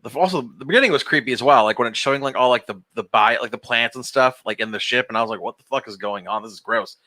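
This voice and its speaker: A man's voice: medium pitch, quick pace, pushed and bright. A young man, a podcast co-host, telling a long story in casual group chat, swearing and laughing as he goes.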